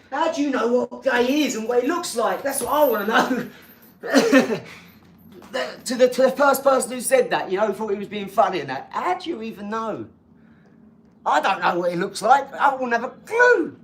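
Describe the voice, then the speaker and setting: A man's voice: very high voice, lively intonation, normal speed, a little hiss or hum. A man, talking casually on a live stream in a rambling, cheeky way and laughing between his remarks.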